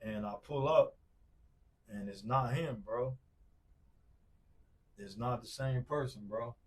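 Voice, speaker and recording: A man's voice: medium pitch, takes it slowly. A man from Wisconsin in his forties, a podcast guest telling a story in loose, slangy casual talk full of fillers. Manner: loose, slangy, many fillers and repeated "bro". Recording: distant mic.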